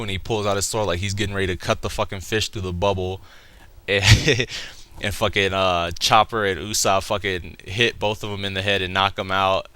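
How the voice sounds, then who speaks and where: A man's voice: deep voice, fairly even intonation, normal speed, sharp tone, smooth. A young man casually retelling a comic chapter for a review video, rambling and swearing as he talks. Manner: rambling, profane, laughing retelling. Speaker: manga reviewer.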